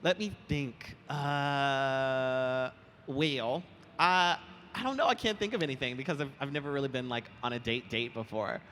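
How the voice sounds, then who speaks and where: A young man chatting as an interview guest on a convention stage, animated and quick to laugh, telling his stories with lively put-on voices. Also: medium pitch, slight background noise. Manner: animated, giggly, lively storytelling. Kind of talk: casual chat on stage. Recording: roomy hall with faint ambience.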